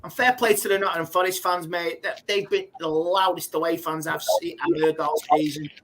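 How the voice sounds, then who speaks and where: A man, a football fan guest, talking briskly and enthusiastically and calling everyone mate. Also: fairly high pitch, fairly even intonation, heavy background noise. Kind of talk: casual chat.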